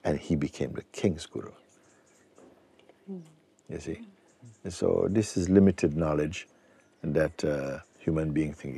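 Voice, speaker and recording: Man, spiritual teacher, very low voice, husky, slow reflective talk. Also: mellow. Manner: slow, reflective, with pauses and restarts.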